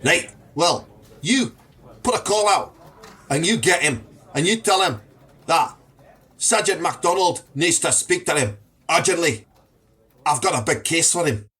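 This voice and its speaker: Sketch role: a man voicing a bossy, gruff Teesside police sergeant, husky and demanding. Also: a little high, lively intonation, unhurried, long pauses, pushed and bright, exaggerated voice. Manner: bossy, barking.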